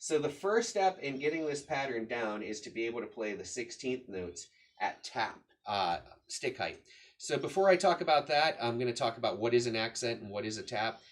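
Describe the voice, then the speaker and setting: Speaking at a moderate pace with lively intonation, a man of medium pitch teaches a drum lesson. He patiently explains strokes and counts beats aloud as he shows them, keeping the explanation casual, all in a room that holds a drum kit.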